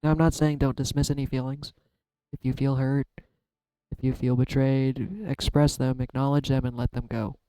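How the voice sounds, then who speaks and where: A man speaks openly to his viewers while holding back tears, often trailing off and restarting. His voice is smooth and mellow with a fairly flat melody. The sound is close and dry. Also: medium pitch, normal speed, dry recording, poor audio. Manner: emotional, searching, trails off and restarts. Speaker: YouTube card-reading vlogger. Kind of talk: heartfelt personal talk to camera.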